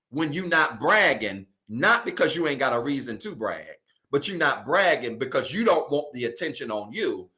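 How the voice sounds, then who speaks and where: A male pastor with a mid-range voice preaches in a casual, colloquial style. He repeats key phrases and swings between loud emphasis and soft asides.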